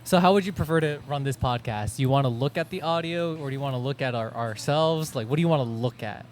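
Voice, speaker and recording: A man's voice: medium pitch, quick pace, faint music behind. A young man co-hosting a casual podcast chat, upbeat, laughing easily and restarting his sentences. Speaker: podcast co-host.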